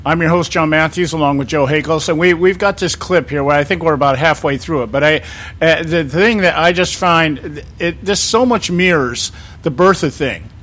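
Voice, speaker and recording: A man's voice: a little high, moderate pace, fairly bright tone. A man hosting a conservative talk radio show, speaking casually and sarcastically with fillers and laughter. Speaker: host.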